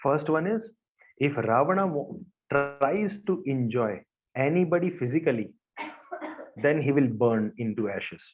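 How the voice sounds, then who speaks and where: A man's voice: medium pitch, expressive, unhurried. Male devotional storyteller with simple, repetitive phrasing and a middle voice; dull, lo-fi audio. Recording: dull lo-fi recording.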